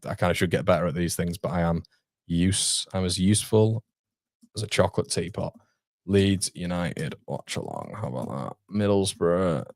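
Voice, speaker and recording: A man's voice: deep voice, no echo, studio quality. Chatty young man. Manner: chatty, self-deprecating, quick asides to viewers. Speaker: host. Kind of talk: casual livestream chat reading viewer comments. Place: home streaming studio.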